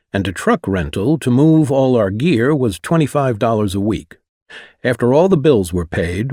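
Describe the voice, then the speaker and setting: A man's voice: mid-range voice, darkish tone, slightly rough, dry recording. A man narrating his own memoir in a wry, conversational way, close to the mic. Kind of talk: audiobook narration.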